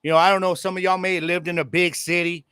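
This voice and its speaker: A man in his forties hosting a sports podcast from home, talking loosely and excitedly to his listeners with plenty of slang. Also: high voice, fast talker, smooth, no echo, studio quality. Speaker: podcast host. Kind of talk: casual sports podcast monologue. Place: home room with air conditioning.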